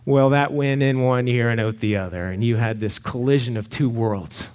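A middle-aged man from Canada, a pastor telling a lively story in a sermon and acting out the voices of the people in it. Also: mid-range voice, normal speed, clear, resonant tone. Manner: animated storyteller, acts out voices.

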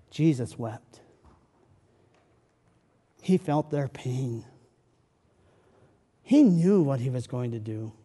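A man preaching a sermon, swinging from loud pleading questions to soft, hushed comfort. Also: a little high, breathy edge, in a large hall.

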